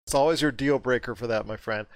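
Guy hosting a movie chat, smooth clear voice, dry close mic, gets worked up and pitchy when stuff doesn't make sense. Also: quick pace, no room sound. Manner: animated, rising in pitch when exasperated. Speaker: podcast host.

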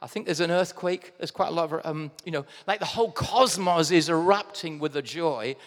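An English pastor preaches in a voice pitched a little high, carried by the long reverb of a church hall. He talks straight to the room, calling them "guys", swinging between quiet, intimate asides and sudden excited outbursts. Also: moderate pace. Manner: animated preaching, swinging from hushed to loud bursts; addresses congregation directly as guys. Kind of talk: sermon.

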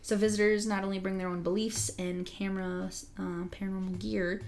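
A woman's voice: mid-range voice, level tone, a little fast, a little mellow. A young adult woman co-hosting a casual chat, reading a news story aloud with joking asides. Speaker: podcast co-host reading an article aloud.

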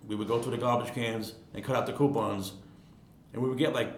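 Around sixty and from Queens, New York, this retired ironworker spins casual stories as an interview guest, rambling and repeating himself. He talks fairly quickly in a steady tone, recorded in an echoey room with a faint rumble underneath.

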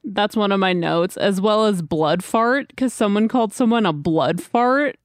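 A woman's voice: medium pitch, measured pace, no room sound, studio quality. A woman co-hosting a podcast, chatting casually about a movie with short, blunt reactions. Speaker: podcast co-host.

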